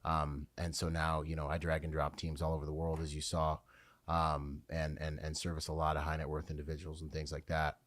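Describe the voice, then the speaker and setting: A man's voice: a bass voice, monotone, a little fast, fairly bright tone, dry recording. A man talking as a podcast guest, telling his life story candidly with plenty of fillers and restarts. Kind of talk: conversational storytelling.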